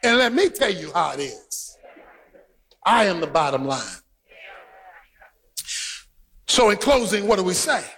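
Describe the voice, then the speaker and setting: Man preaching w/ a really high voice, swoops up and down a lot, shouts stuff out, long echo like a big church. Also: measured pace, pauses often, breathy edge. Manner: animated, emphatic preaching with frequent shouted lines; banters with the congregation and tells stories. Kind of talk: sermon. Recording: live sermon with long hall reverb.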